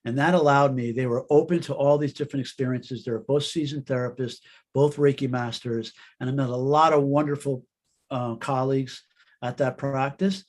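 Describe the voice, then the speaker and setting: A man's voice: medium pitch, fairly even intonation, a little mellow. Earnest man telling a story. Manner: earnest, halting storyteller with many restarts. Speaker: guest author. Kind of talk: storytelling in a podcast interview.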